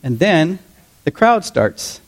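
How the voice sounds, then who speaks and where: A man in his fifties preaching a sermon to his congregation in a relaxed, conversational way, often asking them questions. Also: fairly high pitch, slow. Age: 50s. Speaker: pastor.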